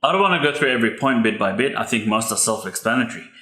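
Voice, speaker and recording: A man's voice: medium pitch, lively intonation, racing, pushed and bright. A man, a pastor's son hosting a podcast, giving earnest, heartfelt advice about grief. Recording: echoey room.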